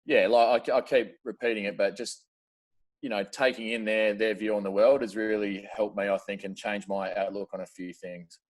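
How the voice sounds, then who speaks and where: A man's voice: lowish voice, fairly even intonation, moderate pace. An Australian man chatting casually as a podcast guest, laid-back and slangy, laughing often. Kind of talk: casual chat.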